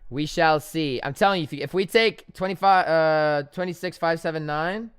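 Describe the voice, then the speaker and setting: A man's voice: a little high, normal speed, hardly any pauses, smooth, dry recording, studio quality, soft background music. A young man chatting casually on a live trading stream, joking and making fun of himself as he goes. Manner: chatty, joking, self-deprecating.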